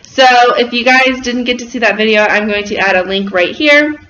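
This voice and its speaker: A woman's voice: on the high side, moderate pace, sharp tone. A woman hosting her vlog in a bubbly, chatty way. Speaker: vlog host. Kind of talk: casual vlog chat. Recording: roomy, dull and slightly noisy.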